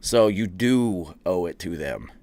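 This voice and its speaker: A man's voice: sits low, lively intonation, takes it slowly, a little mellow. A young man hosting a podcast, telling profane, rambling anecdotes in a casual chat. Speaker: podcast host. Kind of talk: casual storytelling.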